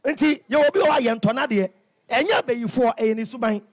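Ghanaian male radio host, very high raspy voice, loud sing-song preaching. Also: a little fast. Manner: animated, sing-song and shouting, acts out market scenes. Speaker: radio talk show host. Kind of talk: lively preaching on radio, mixing local language with English. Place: radio studio.

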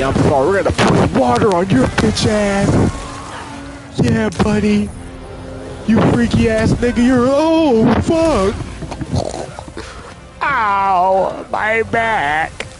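Excitable young man yelling over gameplay. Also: sits high, drawn-out words, poor audio. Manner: loud excited exclamations, profane trash talk at enemies. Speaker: gaming streamer. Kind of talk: live gameplay commentary. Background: loud game music.

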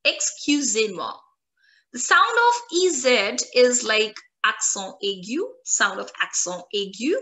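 A woman teaching a French lesson online, repeating each word slowly so learners can copy it. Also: a little high, very animated, sharp tone. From India.

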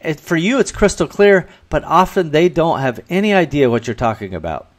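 A man's voice: on the high side, expressive, brisk. A man hosting a podcast, giving earnest business advice in a solo talk and acting out bits of dialogue. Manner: earnest and advising, acts out dialogue in quotes. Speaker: podcast host.

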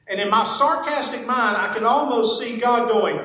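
Preacher, high-pitched man, folksy and chatty, heard from a distance in a very echoey church. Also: moderate pace, few pauses, pushed and bright. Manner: folksy, conversational preaching with playful asides. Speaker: pastor. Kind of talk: sermon. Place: church sanctuary.

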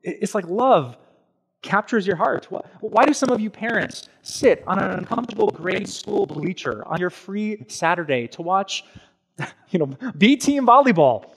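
Animated male pastor preaching. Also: high-pitched, husky. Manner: animated and conversational, with everyday examples and quick asides. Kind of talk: sermon.

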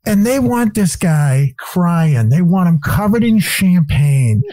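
Excitable, profane man with a dark voice. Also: high-pitched, no room sound. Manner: profane, rambling storytelling; excitable, quick to laugh. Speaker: podcast guest. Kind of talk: casual chat.

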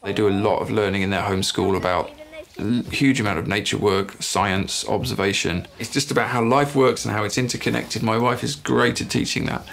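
Low, gravelly English man musing. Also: a little fast, fairly bright tone. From England. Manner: musing, searching for words, restarting phrases. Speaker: writer and father interviewed in a documentary. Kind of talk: reflective documentary interview.

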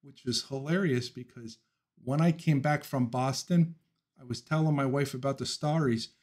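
Man from Philly, hosting a livestream, loose and opinionated, quick to laugh, mid-range voice. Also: medium pitch, darkish tone, breathy edge. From Philadelphia. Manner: laughs often, opinionated ranting; talks through thoughts with frequent ums and restarts. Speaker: livestream host. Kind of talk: casual livestream chat, reading viewer comments.

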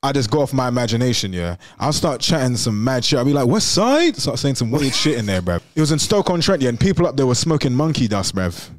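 A man's voice: mid-range voice, lively intonation, fast talker, few pauses, a little hiss or hum. A young man co-hosting a call-in show, joking in heavy slang and tacking "bruv" onto nearly every phrase. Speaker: co-host. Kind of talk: casual banter on a live call-in show.

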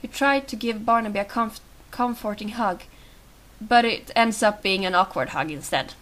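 A woman's voice: fairly high pitch, lively intonation, unhurried, pauses often, fairly bright tone. A young woman playing a game, reacting emotionally and reading its dialogue aloud. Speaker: let's play host. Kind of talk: let's play commentary and reading dialogue aloud.

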